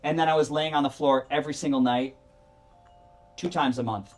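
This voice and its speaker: A middle-aged man, a podcast guest, telling his story candidly in a rambling, self-correcting, animated way. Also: fairly high pitch, brisk, soft background music.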